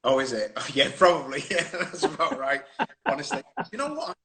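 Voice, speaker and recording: A man's voice: fairly high pitch, very animated, normal speed, background noise. A man chatting as a guest on a live phone stream, rambling through anecdotes and laughing often. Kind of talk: casual chat on a live stream. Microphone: phone on a video stream.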